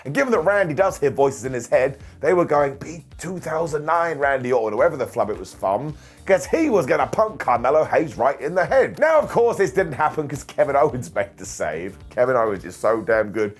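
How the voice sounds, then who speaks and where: A man recapping a wrestling show in an energetic, jokey casual way, often laughing and mocking himself. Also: medium pitch, a little fast, few pauses, breathy edge, soft background music.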